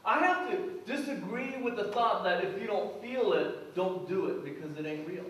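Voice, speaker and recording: A man's voice: high-pitched, expressive, moderate pace, fairly bright tone, distant mic, slight background noise. A man preaching a sermon as pastor, earnest and acting out prayers and quotes. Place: church sanctuary. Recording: echoey church hall, from afar.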